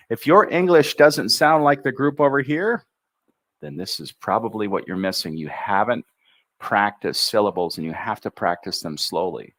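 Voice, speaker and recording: A man with an American accent teaching a livestream English pronunciation lesson, drilling words slowly syllable by syllable with upbeat asides. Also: on the low side, a bit bright.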